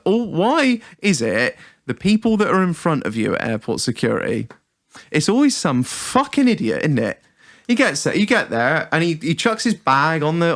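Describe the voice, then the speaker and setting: A man tells a story on a podcast with plenty of swearing and laughter. His voice sits a little high for a man and swings widely in pitch as he rants. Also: fairly bright tone. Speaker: podcast host. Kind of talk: casual banter.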